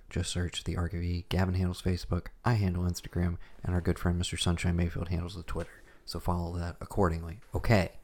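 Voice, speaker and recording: Male podcast co-host, very deep voice, casual late-night rambling, laughs a lot, home apartment. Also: a little mellow. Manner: laughs often, loose and rambling.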